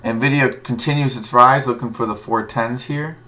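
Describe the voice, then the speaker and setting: A man's voice: medium pitch, steady tone, normal speed, bright, forceful tone. A man streaming live, giving casual, rambling commentary on stock moves as he reads tickers aloud. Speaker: livestream stock trader.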